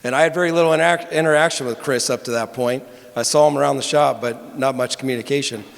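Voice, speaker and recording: A man's voice: mid-range voice, quick pace, gravelly. A man giving a tribute speech, telling a wry anecdote that turns earnest. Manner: wry storytelling turning earnest. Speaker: longtime employee giving a tribute. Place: banquet hall. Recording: echoey hall with murmuring crowd.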